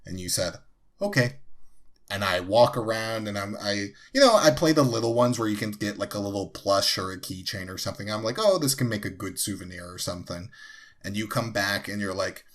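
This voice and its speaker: Animated young man telling a story. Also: fairly quick, few pauses. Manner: animated, laughs a lot, acts out quotes in high voices. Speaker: podcast co-host. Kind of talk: casual storytelling chat.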